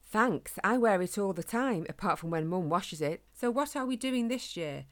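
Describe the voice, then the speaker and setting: A woman's voice: medium pitch, lively intonation, normal speed, close to an everyday voice. A woman voicing a young hedgehog boy who loves running, earnest and a bit timid. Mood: eager. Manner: earnest, hopeful, a little timid.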